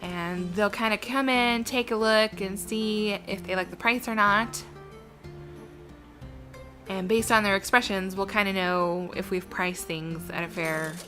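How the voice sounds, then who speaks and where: A woman's voice: mid-range voice, fairly even intonation, a little slow, sharp tone, faint music behind. A woman giving chatty, giggly commentary while playing a video game. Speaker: let's play gamer.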